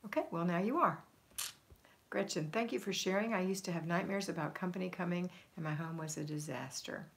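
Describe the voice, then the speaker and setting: A woman's voice: fairly low pitch, a little fast, creaky, a bit bright. A middle-aged woman hosting a homemaking livestream, reading viewer comments aloud and answering them with encouragement.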